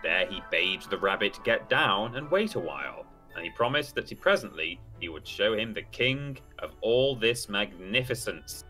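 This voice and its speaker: Man reading a story with a bright, animated voice. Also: lowish voice, normal speed, few pauses, faint music behind, poor audio. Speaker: streamer and co-host. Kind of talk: reading a story aloud on a livestream.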